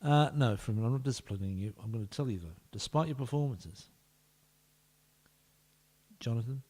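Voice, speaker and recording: A man's voice: mid-range voice, expressive, moderate pace, a little mellow. A man, streaming a football management game and talking playfully to each player, often dropping to a whisper. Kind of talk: live-streamed game commentary.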